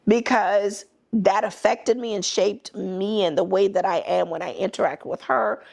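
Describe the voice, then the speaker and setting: A woman's voice: medium pitch, vocal fry, a little mellow. A middle-aged woman hosting a podcast, telling a personal story in a blunt, emphatic and candid way. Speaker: podcast host.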